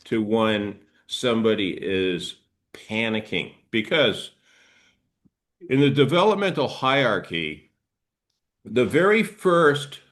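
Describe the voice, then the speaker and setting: A middle-aged man, a trauma therapist, gently guiding listeners through arm-swing exercises and explaining body reactions. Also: on the low side, lively intonation, slow. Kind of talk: guided movement instruction.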